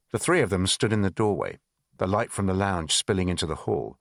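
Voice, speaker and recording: A man reading a spy thriller audiobook in measured, expressive narration. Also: deep voice, creaky, no room sound, clean studio sound.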